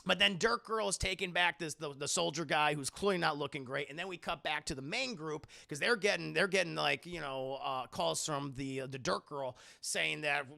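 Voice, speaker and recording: A man's voice: fairly high pitch, moderate pace, creaky, few pauses, sharp tone. A man streaming a casual, profane scene-by-scene film recap to his live chat, rambling and acting out scenes.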